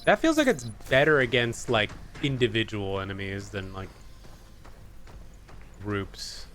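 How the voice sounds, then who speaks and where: A man's voice: fairly low pitch, animated, measured pace, fairly bright tone, a little hiss or hum. A man streaming a video game, chatting casually in a rambling, profane way with many restarts. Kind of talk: casual gaming commentary.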